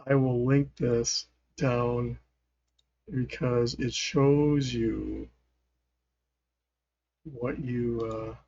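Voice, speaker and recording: A man's voice: mid-range voice, fairly even intonation, very slow, gravelly, long pauses, a little mellow, highs cut off. A man hosting a gaming channel, giving casual gameplay commentary in a rambling way, often trailing off and chuckling.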